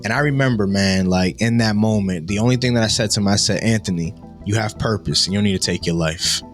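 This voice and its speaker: Animated young man telling a testimony. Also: fast, soft background music. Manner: animated storytelling, acting out dialogue with big pitch jumps. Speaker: guest storyteller. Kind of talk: testimony story.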